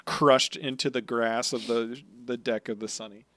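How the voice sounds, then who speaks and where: Young man swearing through a lively recap. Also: medium pitch, normal speed, no echo. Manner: lively retelling with swearing and playful exaggeration. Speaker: podcast co-host. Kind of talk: casual chat recapping an anime.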